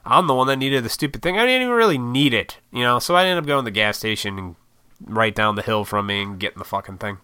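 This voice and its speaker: Expressive and fast, with a mid-range voice that is pushed, bright, and smooth, a vlogger lacking sleep tells the camera a rambling story loaded with swearing. He mocks his own impatience in this casual monologue, heard in clean studio sound without room sound.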